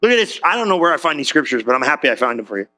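High, bright-voiced animated preacher man. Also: very fast. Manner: animated, slangy and joking with the congregation. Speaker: pastor. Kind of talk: conversational sermon. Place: church.

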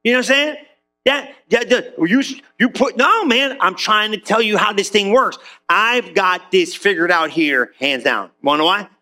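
A man preaching a sermon in a lively, conversational way, calling on the room for amens. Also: high voice. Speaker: pastor.

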